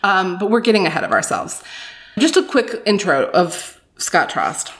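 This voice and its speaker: A woman's voice: on the low side, very animated, moderate pace, fairly bright tone. A woman co-hosting a book podcast, chatting casually, laughing often and reading excerpts aloud.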